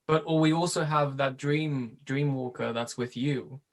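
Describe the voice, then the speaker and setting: A man's voice: mid-range voice, steady tone, a little slow. A man playing a tabletop game, asking cautious questions. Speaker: player.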